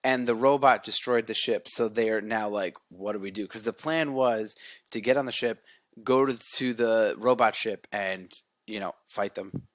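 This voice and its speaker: A man's voice: on the low side, normal speed, no echo, clean studio sound. A man co-hosting a podcast, casually retelling scenes from a show and acting out the lines. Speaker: podcast co-host. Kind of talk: casual movie recap chat.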